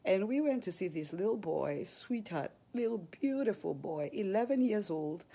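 A woman with a Kenyan accent, chatting on a live stream, very expressive and gasping as she tells stories. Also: mid-range voice, moderate pace, vocal fry, husky. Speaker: ministry leader. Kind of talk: casual live-stream chat.

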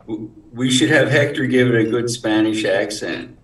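A man's voice: mid-range voice, moderate pace. A man in a live class asks curious, casual questions. His voice is far from the microphone. An echoey room surrounds him. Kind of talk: casual chat. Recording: distant and roomy.

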